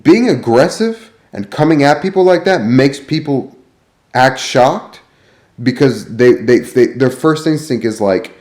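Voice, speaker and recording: A man's voice: medium pitch, expressive, moderate pace, a little mellow, roomy sound. A man telling a rambling, profanity-filled story as a vlogger. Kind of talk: ranting vlog storytelling.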